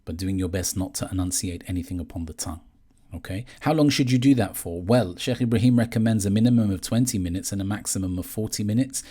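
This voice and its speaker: Deep husky man teaching meditation. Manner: calm, measured, gently explaining. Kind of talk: guided instruction on meditation.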